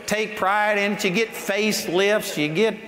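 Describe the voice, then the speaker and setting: Preaching with emphatic, folksy energy and frequent laughter, an older man speaks in a high-pitched, fairly bright voice at an unhurried pace. His sermon echoes with long hall reverb over faint ambient noise.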